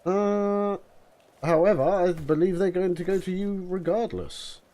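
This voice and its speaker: A man's voice: sits high, normal speed, warm tone. A man commenting on a game, chatty and muttering to himself. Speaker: gaming video host. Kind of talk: let's play commentary.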